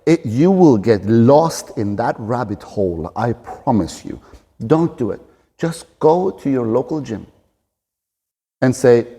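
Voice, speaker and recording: A man in his forties talks straight to camera, earnest and direct as he coaches the listener on staying fit. His voice is mellow and relaxed. The sound carries the long reverb of a big gym room. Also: on the low side, unhurried, husky. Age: 40s. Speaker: fitness and fighting coach. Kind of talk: motivational talk to camera.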